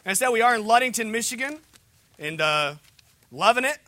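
A man's voice: extremely high pitch, expressive, brisk, sharp tone, no room sound. A young man preaching a sermon, with a joking, conversational delivery and humorous asides. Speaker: pastor.

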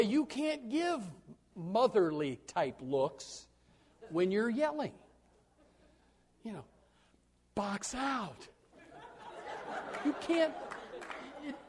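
A man preaching a sermon in a folksy, joking way, dropping to quiet asides and then breaking into loud shouted bursts, often repeating words as he starts a thought. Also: very high voice. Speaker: pastor.

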